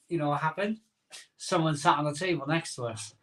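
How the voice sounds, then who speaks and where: Broadcasting casually from his home conservatory with a phone camera, a middle-aged man chats and reads viewer comments in a sleepy, joking tone. His voice is a little high and fairly bright, and he talks briskly.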